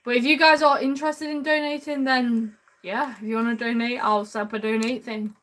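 A woman as game streamer, chatty, upbeat, slightly high voice. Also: flat delivery, a little fast, a bit bright. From United Kingdom. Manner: upbeat, chatty, calls viewers man and bro. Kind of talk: live gameplay streaming chat.

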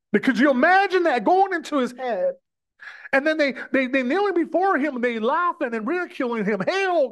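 A man's voice: high voice, a bit bright. Male preacher, heated sermon delivery with stumbles and repeats, voice rising and falling a lot. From United States. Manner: impassioned, repeats words, addresses brothers and sisters.

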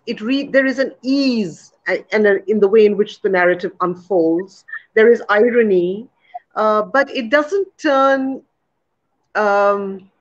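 A woman with a slightly high voice talking through her reading of a novel, careful and searching for words. The recording sounds dull and muffled. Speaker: poet and interviewer. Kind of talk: literary conversation.

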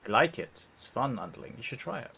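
Gravelly, lively-voiced laid-back gamer man. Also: medium pitch, brisk. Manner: laid-back, swears casually. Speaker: streamer. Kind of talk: casual game chat.

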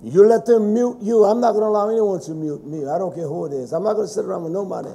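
A middle-aged man preaching a fervent sermon, swinging between loud shouting and low, quiet asides. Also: quick pace, gravelly, slight background noise.

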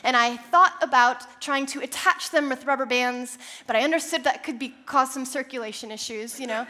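A young woman preaching a sermon, telling a personal story with animated, self-deprecating humor. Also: high-pitched, moderate pace. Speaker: church speaker.

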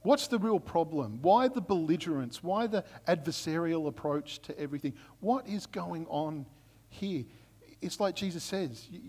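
Male pastor, higher-pitched and chatty, who keeps checking in with the room while he preaches a sermon, heard with a long echo in a church hall. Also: a little mellow, husky. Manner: conversational storytelling, frequent "right?" check-ins.

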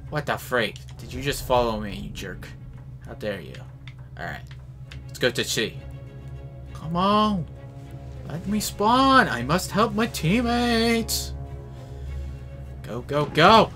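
An excitable man comments live on his own shooter match, his somewhat high voice leaping all over the place as he yells at enemies with mild minced oaths. He talks in slow, drawn-out bursts, and clear game noise with gunfire and vehicles runs behind him. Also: faint music behind. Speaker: gameplay commentator.

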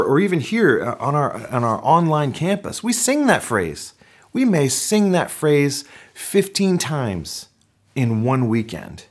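A male pastor preaching a sermon in a lively, conversational way, his voice climbing on the points he stresses. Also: husky. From North America. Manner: animated preaching, pitch rising on emphasis.

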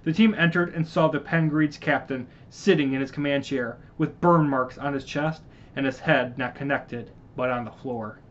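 A man reading his own science-fiction story aloud in a halting way, stopping to apologize and correct his slips. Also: medium pitch. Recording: muffled lo-fi recording.

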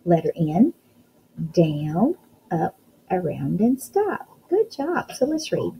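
A woman's voice: fairly low pitch, big pitch swings, takes it slowly, dark tone, slight background noise, low-quality recording. A woman teaching a phonics lesson to young children, encouraging them and sounding out letters one at a time.

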